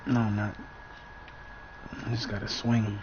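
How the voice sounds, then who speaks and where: A man's voice: fairly low pitch, monotone, unhurried, a little mellow, muffled recording, slight background noise. A man giving casual, laid-back gameplay commentary, swearing often. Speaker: gamer commenting on play.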